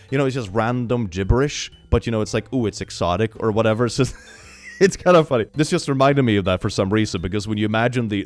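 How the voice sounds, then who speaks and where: Lively low-voiced sarcastic man. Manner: sarcastic, laughs often. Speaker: host. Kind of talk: casual comedy reaction commentary.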